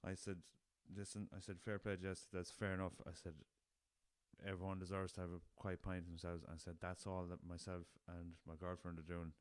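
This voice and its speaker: A low-pitched Irish man chats alone into a podcast recorder, rambling and swearing as he tells a story. The sound is dry and close, with no room around him. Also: little pitch movement, moderate pace, smooth, no echo. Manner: rambling, swears freely, addresses listeners as lads. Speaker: podcast host. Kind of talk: casual solo storytelling. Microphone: podcast recorder with laptop.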